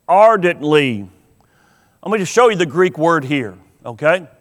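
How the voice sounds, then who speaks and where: High-voiced preaching pastor in echoing hall. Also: male voice. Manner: earnest preaching, drawn-out emphatic words. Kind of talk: sermon. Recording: long hall reverb.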